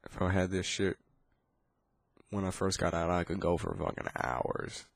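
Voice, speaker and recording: A man with a lowish voice rants in a loose, casual way, cursing nearly every line and restarting his sentences. The sound is dry, with no room echo. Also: little pitch movement, normal speed, creaky. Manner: swears constantly, rambling with restarts. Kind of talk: casual profane rant.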